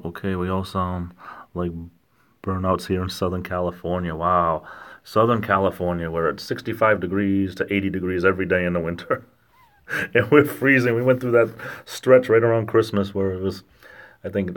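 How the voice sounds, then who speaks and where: A man with a Rhode Island accent, casually chatting and joking with viewers on a livestream in a rambling, halting way. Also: low voice, fairly even intonation. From lower New England, Rhode Island–Massachusetts border. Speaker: livestream host reading chat.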